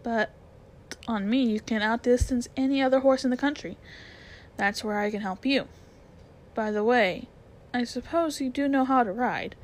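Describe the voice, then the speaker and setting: A woman voicing a proud, bossy male talking war horse in a storybook read-aloud, brisk and commanding. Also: fairly high pitch, close to an everyday voice. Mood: urgent.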